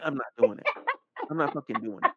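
A man hosting a podcast, telling a story as a casual rant, animated and profane, acting out the other people's lines. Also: medium pitch, fast, a little hiss or hum. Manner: animated, profane, acts out quoted dialogue. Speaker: podcast host. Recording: dull, dry lo-fi mic sound.

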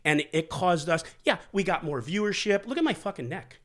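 A man's voice: high voice, animated, a little fast. Heated, swearing man hosting a show. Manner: blunt, profane, emotional. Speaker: podcast host. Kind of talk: heated casual conversation.

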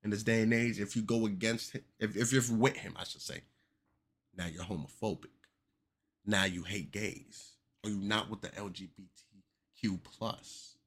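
A young man hosting a casual commentary podcast, animated and joking with exaggerated reactions. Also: on the low side, normal speed, husky. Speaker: podcast host.

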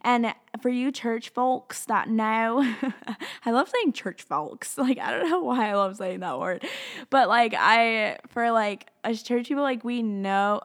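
A woman's voice: medium pitch, vocal fry, a bit bright. A young woman from Tennessee and Alabama with a Southern accent, telling a story in a casual vlog, chatty and gushing, full of "like" fillers. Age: young adult.

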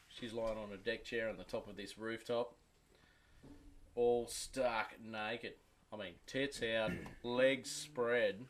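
A man's voice: medium pitch, takes it slowly, a bit bright, a little hiss or hum. A man telling a crude joke in a casual podcast chat with friends, laughing as he goes. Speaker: podcast co-host.

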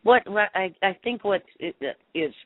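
Halting male radio host, tinny dry sound. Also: high voice, no echo. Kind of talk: phone-in radio interview.

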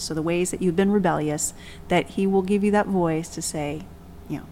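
A woman hosting a faith discussion, speaking calmly and reflectively and reading from scripture. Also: on the low side, normal speed, few pauses, slight background noise, poor audio. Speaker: podcast host.

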